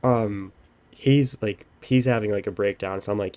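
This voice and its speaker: Low-voiced young man telling a rambling story. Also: steady tone, moderate pace, warm tone. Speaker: podcast host. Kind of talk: casual chat.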